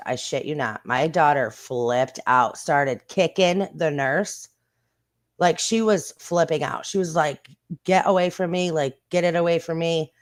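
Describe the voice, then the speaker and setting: A woman hosting her own stream, chatting casually in a blunt, rambling way with plenty of swearing and quick bursts of speech. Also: sits low. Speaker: streamer and channel host. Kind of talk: casual live-stream chat.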